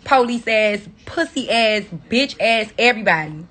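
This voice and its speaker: Woman, phone livestream rant, profane and confrontational, slightly high voice, husky. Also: expressive, measured pace, a bit bright. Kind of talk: angry rant on a social media livestream.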